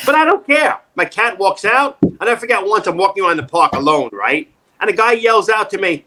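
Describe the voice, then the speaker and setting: A man who coaches actors tells self-mocking funny stories on a video call, breaking into laughter and putting on the voices of the people he quotes. His voice is high and bright. Faint crowd murmur and a light noise hang behind him. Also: very animated, brisk, husky. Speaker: acting coach. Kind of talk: comic storytelling interview.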